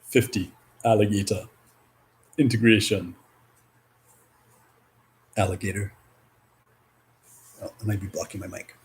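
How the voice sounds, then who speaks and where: A man in a casual spiritual vlog, reading oracle cards aloud, rambling and swearing, with loud and soft stretches. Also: fairly low pitch, fairly even intonation, unhurried, pauses often, a little hiss or hum, poor audio. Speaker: spiritual card reader.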